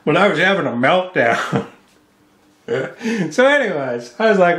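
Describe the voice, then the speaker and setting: A man's voice: on the high side, sing-song, unhurried, pauses often, fairly bright tone. Ranting, cursing man in an echoey room. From United States. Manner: angry, cursing, mocking. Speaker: vlogger. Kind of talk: profane ranting vlog. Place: home. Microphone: studio microphone with mixing board.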